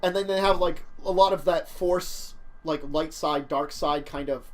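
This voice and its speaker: A man's voice: a little high, normal speed. A man in his thirties from near Philadelphia, hosting a casual tabletop gaming chat, rambling and correcting himself with frequent laughs. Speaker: show host.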